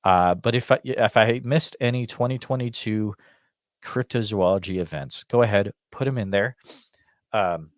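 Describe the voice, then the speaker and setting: A man's voice: lowish voice, moderate pace, no room sound, clean studio sound. A man hosting a live call-in show, chatting casually and rambling, with many fillers and restarts and a slight Massachusetts accent. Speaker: host of a live call-in podcast. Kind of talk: casual live-stream chat.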